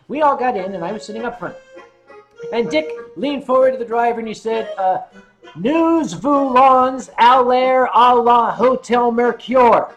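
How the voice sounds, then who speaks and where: A man's voice: sits high, poor audio. American man, livestream host, rambling storyteller, self-mocking, faint music behind. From United States.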